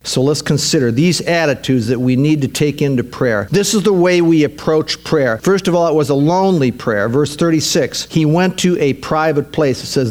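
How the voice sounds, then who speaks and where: A man's voice: on the high side, moderate pace, few pauses. A man preaching a sermon as pastor, talking emphatically with lots of repetition.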